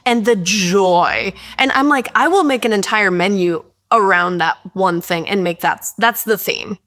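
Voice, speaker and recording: A woman cookbook author telling warm dinner-party stories on a podcast in an animated, gushing way. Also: medium pitch, a little slow, no echo, clean studio sound. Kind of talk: casual podcast conversation.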